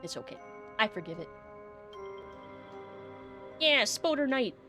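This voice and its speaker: A woman's voice: a little high, big pitch swings, unhurried, pushed and bright, soft background music. A woman streaming a game, chatting playfully and giggling. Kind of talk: casual game-stream chat.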